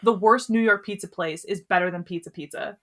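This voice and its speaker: A woman's voice: mid-range voice, fairly quick. A woman, chatting casually and animatedly as podcast co-host. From Canada. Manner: chatty, animated, many fillers. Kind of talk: casual chat.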